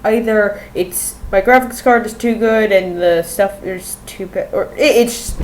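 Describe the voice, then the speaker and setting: A woman's voice: mid-range voice, normal speed, a little mellow, a little hiss or hum, poor audio. A woman rambling casually in a home vlog, swearing and laughing easily as she talks. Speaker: vlogger. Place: room at home.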